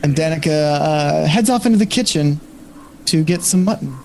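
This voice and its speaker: A man narrating as game master, casual and halting with fillers. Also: on the high side, expressive, gravelly, a little mellow, a little hiss or hum.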